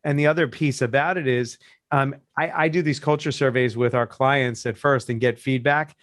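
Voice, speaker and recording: A man's voice: medium pitch, moderate pace, no echo, clean studio sound. A man who coaches businesses, telling a story in casual podcast talk and acting out the people he quotes. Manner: animated storyteller, acts out quoted voices.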